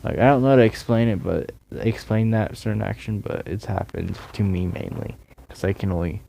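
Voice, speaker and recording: Man, tired, gravelly, lowish voice, rambling sarcastic vlog rant. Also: brisk, mellow, a little hiss or hum. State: tired, yawning. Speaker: YouTuber.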